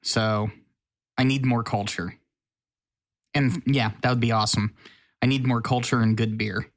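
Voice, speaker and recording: A man's voice: mid-range voice, steady tone, measured pace. Chatty guy co-hosting a podcast, teasing his friend, regular mid voice. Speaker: podcast co-host. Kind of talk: casual chat.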